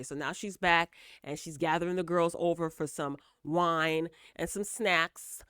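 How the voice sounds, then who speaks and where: A woman's voice: fairly low pitch, a bit bright, no room sound, clean studio sound. A woman giving a casual, opinionated recap of a reality show, chatty and blunt, tagging her points with "okay?" and "right?". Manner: sassy, blunt asides.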